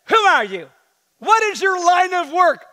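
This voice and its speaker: A man voicing panicked, angry sailors who shout slangy demands at a passenger during a sermon. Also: very high voice, very animated, unhurried, voice pushed up, exaggerated voice. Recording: long hall reverb in a church.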